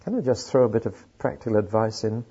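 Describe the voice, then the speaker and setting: A man's voice: lowish voice, animated, quick pace, dark tone, slightly rough. A man preaching a sermon, telling stories with dry humor. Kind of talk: sermon with anecdotes. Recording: dull lo-fi recording.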